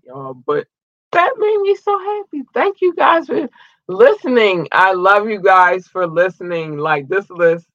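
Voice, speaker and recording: A man from Maryland hosting a livestream, giving casual, effusive shout-outs to his listeners and often breaking into excited shouts. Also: a little high, dry recording, highs cut off. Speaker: livestream host.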